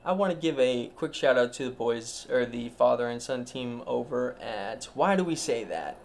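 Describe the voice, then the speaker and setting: A man's voice: medium pitch, lively intonation, moderate pace, creaky, a little hiss or hum. A man hosting a solo podcast, rambling in a meandering, self-interrupting, mock-grand way. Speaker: podcast host.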